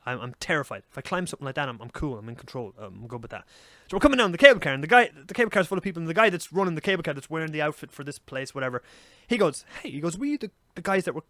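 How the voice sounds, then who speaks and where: A young Irish man co-hosting a podcast, telling a story in casual, animated chat and swearing freely. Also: fairly high pitch, dry recording, studio quality. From Ireland. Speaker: podcast co-host.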